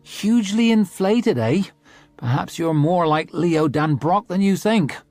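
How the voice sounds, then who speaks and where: A man's voice: high-pitched, animated, measured pace, darkish tone, no echo, voice pushed up. A man voicing a blunt, earthy young northern woman with a dry, teasing way of talking. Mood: wry. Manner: dry, teasing, plain-spoken.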